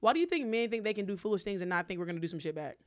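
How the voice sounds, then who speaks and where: A young woman hosting a podcast in casual chat, blunt and quick to swear. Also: medium pitch, animated. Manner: blunt, swears freely, reads questions off a script. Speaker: podcast host.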